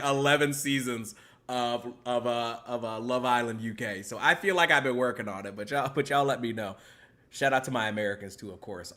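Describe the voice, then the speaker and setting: A man's voice: mid-range voice, sharp tone. A man hosting a podcast, reacting to a video in a laid-back, joking way and reading out viewer greetings. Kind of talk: casual reaction commentary.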